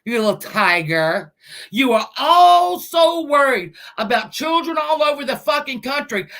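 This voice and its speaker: A woman ranting angrily on a live stream from her car, scolding and swearing, with bursts of shouting. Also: high-pitched, lively intonation, a little slow. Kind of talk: angry live-stream rant.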